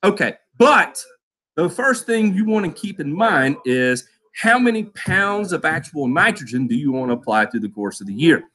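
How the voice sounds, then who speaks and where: A man hosting a live lawn care show, reading out chat names with loud, playful shout-outs. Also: on the high side, sing-song, moderate pace. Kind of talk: live stream chat roll call.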